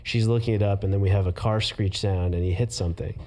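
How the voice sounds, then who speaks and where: A man who writes comedy, a podcast guest, telling an anecdote in casual chat. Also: lowish voice. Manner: quick, animated storytelling.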